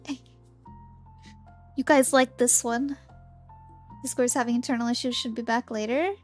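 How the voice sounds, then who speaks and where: A woman's voice: a little high, fairly even intonation, normal speed, soft background music. A young woman streaming a game, chatting casually and bubbly with viewers, often giggling. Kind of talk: casual game livestream chat.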